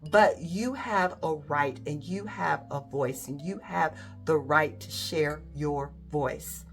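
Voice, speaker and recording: A woman's voice: sits low, measured pace, gravelly, few pauses, faint music behind. A woman hosting a faith-based motivational talk, speaking in a direct, emphatic way and often asking "right?". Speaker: host.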